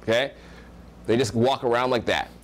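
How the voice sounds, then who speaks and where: A man's voice: mid-range voice, normal speed. A young American man teaching social skills at a live seminar, projecting his voice with energy and acting out example voices. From United States.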